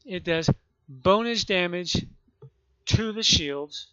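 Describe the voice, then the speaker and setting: A man with the hiccups explaining gameplay in a rambling, halting way, often restarting and correcting himself. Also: sits high, animated, sharp tone, clear, resonant tone. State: has the hiccups. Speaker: gaming video creator. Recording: muffled lo-fi mic.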